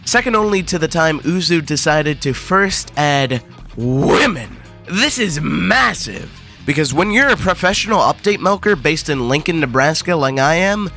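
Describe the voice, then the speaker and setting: Sarcastic, foul-mouthed young gaming host. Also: male voice, fairly high pitch, sharp tone. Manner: crude, profane, mock-dramatic.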